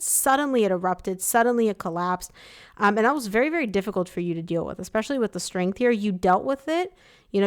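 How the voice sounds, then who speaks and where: A young woman doing a casual live tarot reading, chatty and sympathetic, with lots of "like" and "um". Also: medium pitch. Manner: chatty, empathetic, filler-heavy with frequent "like" and "um". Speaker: tarot reader.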